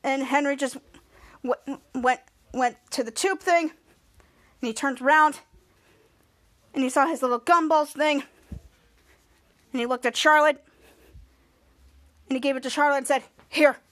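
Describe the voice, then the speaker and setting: A woman's voice: high-pitched, measured pace, long pauses, fairly bright tone. A woman hosting a podcast, retelling a TV episode in a rambling way with many restarts and acted-out quotes. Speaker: podcast host. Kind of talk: casual episode recap.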